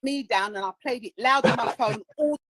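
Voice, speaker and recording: Female caller, high-ish voice on a dry line, indignant storyteller. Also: normal speed, a bit bright, no echo, rough recording. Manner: indignant, acts out the voices of others in her story. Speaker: caller on a live stream. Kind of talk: animated storytelling.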